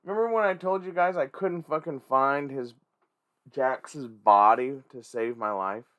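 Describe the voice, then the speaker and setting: A man hosting a casual toy-collecting vlog, rambling and swearing freely with excitable energy. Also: mid-range voice, measured pace, clear, resonant tone, dull audio. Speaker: toy collector and channel host.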